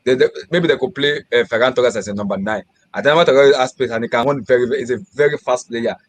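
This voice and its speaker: Brief: male panelist, quick and stumbling delivery, dry close sound, casual football banter. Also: mid-range voice, no room sound. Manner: fast, halting, with many restarts. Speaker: guest panelist. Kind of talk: casual football chat on a live hangout.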